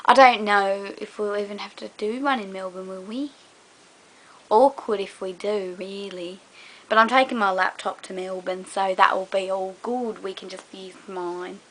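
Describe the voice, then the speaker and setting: Bright young woman in a put-on British accent. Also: mid-range voice, steady tone, normal speed. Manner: rambling, many fillers. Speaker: vlogger. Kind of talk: casual chat to a collab partner.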